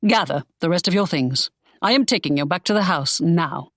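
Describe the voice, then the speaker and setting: A woman's voice: lowish voice, expressive, moderate pace, no room sound, studio quality. A woman reading an audiobook, voicing a brusque, scolding young man. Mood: stern. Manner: curt and scolding. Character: stern, brusque young man, a secretive pirate. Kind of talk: audiobook character voice.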